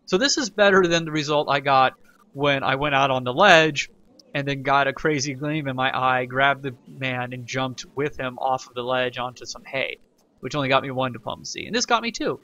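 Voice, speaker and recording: A man hosts a casual let's play tutorial, rambling and correcting himself while reading the game's event text aloud. His medium-pitched voice is bright and forceful at a normal speed, and the recording has its highs cut off.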